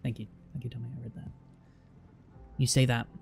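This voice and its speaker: A man's voice: medium pitch, flat delivery, a little fast, gravelly, soft background music. A man with an English accent chatting casually with live-stream viewers in a blunt, teasing way.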